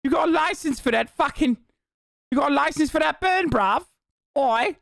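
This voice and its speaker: A man's voice: very high-pitched, lively intonation, moderate pace, creaky, dry recording, clean studio sound, pitched above the performer's own voice, exaggerated voice. A man doing a put-on British accent as a taunting, threatening young lad. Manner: taunting, slangy, shouty. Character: mocking rowdy male British lad, threatening.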